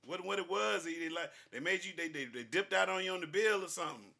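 A man with a ringing, bright voice pitched a little high. He co-hosts a casual chat, cursing freely and mimicking the people in his stories. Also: fast, vocal fry. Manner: profane, animated, acts out other people in quoted voices. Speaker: podcast co-host. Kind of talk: casual banter and storytelling.

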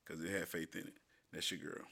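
A man's voice: sits low, level tone, a little fast, creaky, bright, forceful tone, slightly rough. A man co-hosting a podcast in casual, joking banter, often laughing. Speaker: podcast co-host. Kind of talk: casual chat.

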